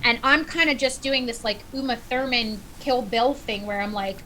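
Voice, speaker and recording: Bright-voiced woman telling a story. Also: on the high side, moderate pace, slight background noise, low-quality recording. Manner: animated storyteller, acts out quotes. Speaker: podcast guest. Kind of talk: casual storytelling.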